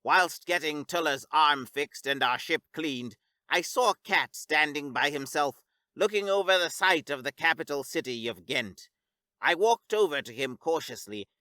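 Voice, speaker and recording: A man narrating a scripted science fiction story in a steady, even storytelling read. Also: on the high side, a little slow, no room sound.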